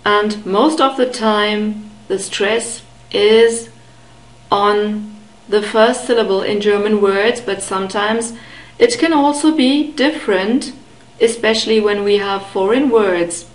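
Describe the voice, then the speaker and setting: A woman teaching German pronunciation to beginners, patiently repeating each word slowly and clearly. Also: medium pitch, roomy sound, low-quality recording. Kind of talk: slow, careful pronunciation lesson.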